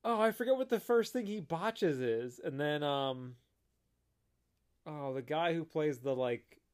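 Woman podcast co-host, lively pitch, casual and giggly, quotes comedy lines. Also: measured pace. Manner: laughing, quoting movie lines in bursts. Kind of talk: casual chat.

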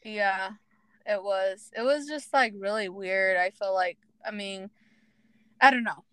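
A young woman co-hosting a podcast, casually retelling a movie with animated acted-out quotes and lots of fillers. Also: mid-range voice, unhurried, clear, resonant tone, no room sound. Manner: animated storyteller, acts out quotes, many fillers. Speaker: podcast co-host. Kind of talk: casual chat.

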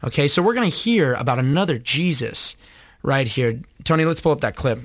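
A man's voice: medium pitch, animated, fairly quick, dry recording, studio quality. A man hosting a critical commentary show on church teaching, earnest and preachy, sometimes stumbling over his words. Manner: earnest, preachy, stammering restarts. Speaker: host.

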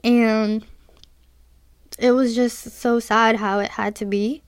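A woman's voice: fairly high pitch, little pitch movement, slow, smooth, no room sound. A young woman hosting a podcast, telling a personal story in a confessional, giggly way, with lots of "like". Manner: confessional, giggly, says "like" often. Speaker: podcast host.

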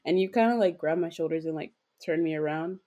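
Young female podcast co-host, low warm voice, giggly and rambling, filler-heavy casual storytelling. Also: brisk.

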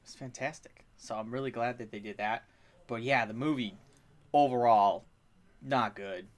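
A young man chatting casually as a podcast co-host, rambling with lots of fillers, getting excited and swearing freely. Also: mid-range voice, moderate pace. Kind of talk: casual chat.

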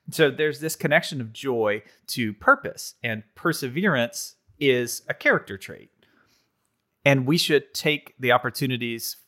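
A man co-hosting a faith podcast, explaining scripture verses in a steady, thoughtful way. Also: mid-range voice. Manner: explanatory, working through scripture. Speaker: podcast co-host.

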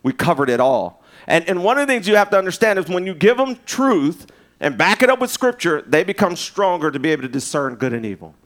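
A man preaching a sermon in a loose, conversational way, with restarts and asides, swinging from loud emphasis to hushed, and in his speech. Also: sits high, very animated, a little fast. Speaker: pastor.

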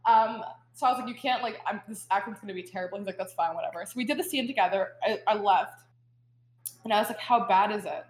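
A woman's voice: mid-range voice, quick pace, echoey room, low-quality recording. A young woman talking casually as a guest, telling a story in a chatty, rambling way full of fillers and laughter. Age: young adult. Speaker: guest student. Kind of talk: casual chat.

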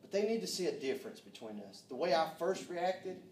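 A man preaching a sermon, fervent, calling out amen and dropping to hushed tones. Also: on the high side, sing-song, brisk, a little hiss or hum. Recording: echoey room, mic far off.

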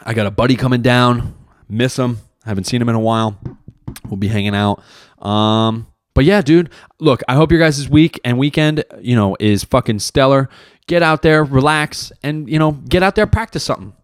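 A man's voice: mid-range voice, moderate pace, clear, resonant tone, no room sound, studio quality. A young man hosting a solo podcast, talking in a rambling, profane, self-mocking way. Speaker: podcast host. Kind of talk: casual solo podcast monologue.

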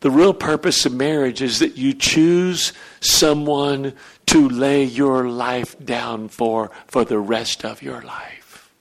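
A man's voice: mid-range voice, steady tone, takes it slowly, gravelly. A middle-aged man preaching a sermon as pastor, acting out questions from the congregation and answering them.

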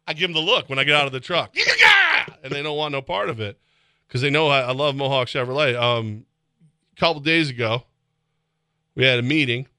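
An excitable sports radio host, a man who rambles and laughs his way through casual banter. His voice is bright and forceful, recorded dry and close in a studio. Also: mid-range voice, a little fast, clean tone, dry recording. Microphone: studio microphone.

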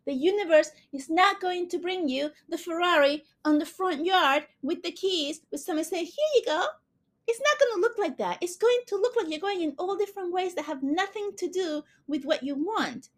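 A woman hosting a podcast, giving an earnest, gushing motivational talk on manifesting, speaking quickly. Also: extremely high pitch. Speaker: podcast host.

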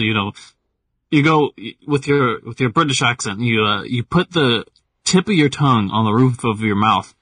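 A man's voice: medium pitch, pushed and bright, husky, no echo, far from the mic. A man from California chatting eagerly on a podcast with old friends. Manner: eager, quick, says yeah a lot. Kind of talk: casual chat.

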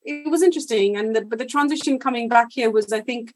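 A woman's voice: a little high, fast talker, a little mellow. A young woman from the UK answering interview questions in a chatty way, full of "like" fillers. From United Kingdom. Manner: chatty, many "like" fillers, laughs easily. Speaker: guest.

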